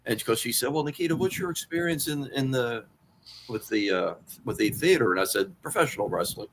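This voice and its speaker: Animated, profane man on a noisy call. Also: a little fast. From Washington D.C. area. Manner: animated and profane, jumps to much higher pitch when riled. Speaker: interview guest, wrestling author and former manager. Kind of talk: casual storytelling interview.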